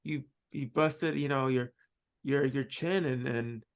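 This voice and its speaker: A man hosting a podcast, talking casually and haltingly, often restarting his sentences. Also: mid-range voice. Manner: halting, loose storytelling with many repeated starts. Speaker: podcast host. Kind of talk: casual conversational interview.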